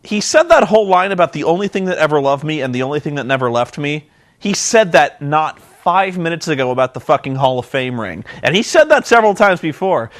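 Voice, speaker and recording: A man's voice: a little high, very animated, a little fast. A man casually recapping wrestling in a rambling, sarcastic, profane way with lots of ums and uhs. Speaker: vlogger reviewing wrestling.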